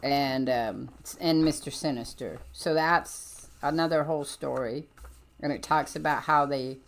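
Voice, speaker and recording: A woman's voice: sits low, measured pace, slight background noise. A woman hosting a livestream, chatting casually and rambling as she jumps between points with lots of ums. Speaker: livestream host. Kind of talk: casual chat about comics.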